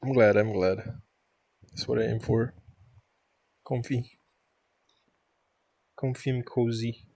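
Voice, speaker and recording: Calm, easygoing man streaming. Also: medium pitch, takes it slowly, creaky, long pauses, dry recording. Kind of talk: casual chat with viewers.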